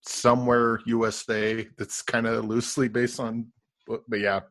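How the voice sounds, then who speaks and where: A man's voice: mid-range voice, flat delivery, moderate pace, a bit bright. Hesitant man reviewing films casually. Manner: hesitant, many fillers and restarts. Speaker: co-host reviewer. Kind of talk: casual chat.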